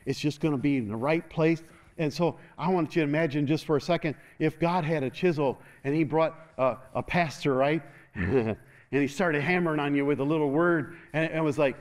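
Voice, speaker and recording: Energetic call-and-response preacher, a man. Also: a little high, fairly quick. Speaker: pastor. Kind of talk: sermon.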